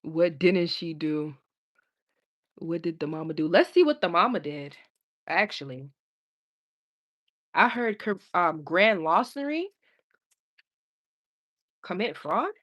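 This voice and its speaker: A woman's voice: on the low side, lively intonation, slow pace, long pauses, fairly bright tone. Young woman, tarot reader, live-stream chat, laughs a lot, slangy.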